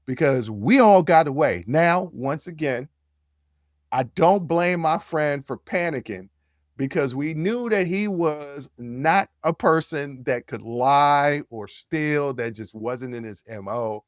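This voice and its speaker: A man hosting a podcast, telling a story in a casual, animated way, repeating phrases and jumping his voice up when he gets worked up. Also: a little slow, no room sound, studio quality. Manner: animated, repeats phrases, jumps to high yells when quoting. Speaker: podcast host.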